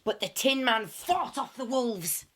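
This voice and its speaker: A woman reading a children's story aloud in an expressive, animated way. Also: fairly high pitch, a little slow, slight background noise.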